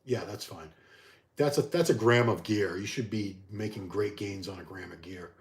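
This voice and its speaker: A man's voice: fairly low pitch, moderate pace, reverberant. A middle-aged man hosting a casual live stream from home, reading out viewers' questions and answering them conversationally. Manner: conversational, answers chat questions one by one, frequent restarts.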